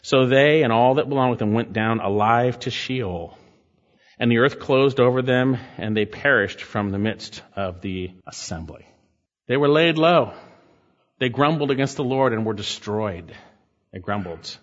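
A man's voice: mid-range voice, unhurried. Preacher man exhorting in an echoing hall. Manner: exhorting, reads scripture aloud and comments. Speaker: pastor. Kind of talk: sermon with scripture reading. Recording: muffled sound in a reverberant hall.

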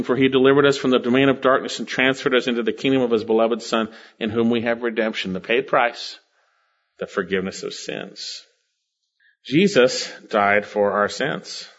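An older man preaching, unpacking verses and Greek words with rising bursts of excitement. His voice sits at an ordinary male pitch. The recording sounds a little dull and muffled. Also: normal speed. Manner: expository preaching, quoting scripture and Greek words, with sudden swells of enthusiasm. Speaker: pastor. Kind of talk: sermon.

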